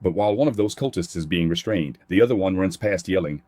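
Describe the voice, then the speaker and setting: A man's voice: low voice, quick pace, mellow, no echo, studio quality. A man narrating a comic recap in a plain scripted read, voicing characters' quotes in his own voice.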